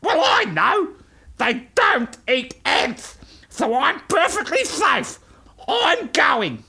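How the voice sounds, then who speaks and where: A man voicing a grumpy young male ant in a children's storybook, speaking in a sulky, high, raspy voice. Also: sing-song, slow, sharp tone, heavily acted. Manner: whiny and sulky.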